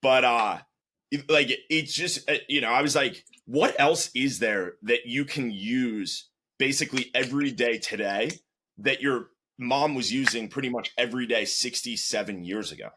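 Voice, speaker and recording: Man, casual interview host, bright forceful voice, animated storytelling, frequent restarts. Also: medium pitch, normal speed. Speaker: interview host, sales manager.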